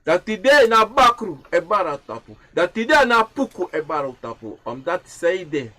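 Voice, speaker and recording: A man giving a spoken teaching on ancestral tradition over a livestream. He repeats phrases in a chanting way and swings from loud to hushed. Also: sits high, sing-song, normal speed. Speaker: livestream speaker.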